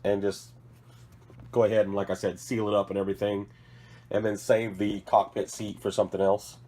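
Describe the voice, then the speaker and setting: A man's voice: lowish voice, level tone, moderate pace, warm tone, slight background noise. A man with a cough, sick, hosting a casual hobby vlog from his work table, rambling and correcting himself as he shows off models. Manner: rambling, self-correcting, apologetic. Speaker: hobby channel host.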